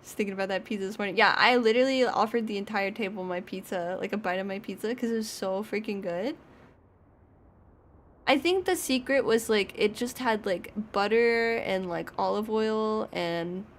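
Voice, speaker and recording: A woman's voice: mid-range voice, normal speed, a little hiss or hum. A young woman streaming, chatting casually and rambling with frequent laughs. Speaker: VTuber streamer.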